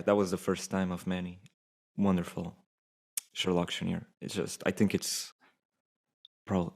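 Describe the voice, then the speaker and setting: A man co-hosting a casual film-review podcast. He speaks in a relaxed, thoughtful way and often restarts his sentences. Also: deep voice, gravelly. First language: Portuguese. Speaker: podcast co-host.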